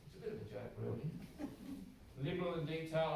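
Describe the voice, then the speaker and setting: A man's voice: a little high, expressive, a little fast, gravelly, a little mellow. An Australian man giving a conversational public talk as an Anglican priest to a church audience, acting out bits of dialogue in shifting voices. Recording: very echoey hall, distant mic, faint noise.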